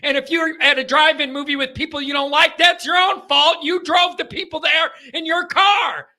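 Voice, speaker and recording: A man hosting a live fan call-in show, animated and emphatic, often repeating phrases for effect. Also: very high-pitched, normal speed.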